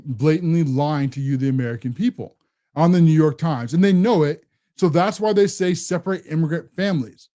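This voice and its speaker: A man's voice: a little high, mellow. A man hosting a political commentary show, ranting in a combative, sarcastic way. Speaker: host.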